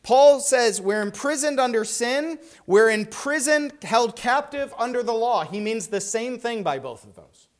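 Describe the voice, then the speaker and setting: High-pitched man teaching scripture emphatically. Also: animated. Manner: emphatic, frequent "right?" check-ins; stumbles and restarts, then slows for emphasis. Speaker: Bible teacher. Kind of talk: classroom Bible teaching.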